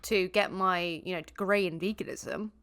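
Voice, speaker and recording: A woman's voice: on the low side, steady tone, moderate pace, fairly bright tone, clear, resonant tone, no echo, clean studio sound. A woman hosting a vegan reaction video, talking sarcastically, laughing often and swearing freely.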